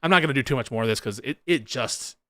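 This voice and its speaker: A man's voice: mid-range voice, quick pace, bright, forceful tone, dry recording, studio quality. A man giving sarcastic, argumentative commentary on political clips, laughing at them as he goes. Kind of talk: casual reaction commentary.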